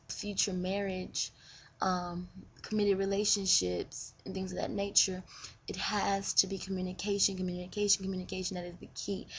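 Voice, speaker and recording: Woman vlogger, mid-pitched and gravelly, frank and earnest advice-giver; dull webcam sound. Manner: earnest, repetitive, frank with occasional cursing. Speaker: vlogger giving relationship advice. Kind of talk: casual advice vlog. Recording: dull lo-fi webcam audio with faint hiss.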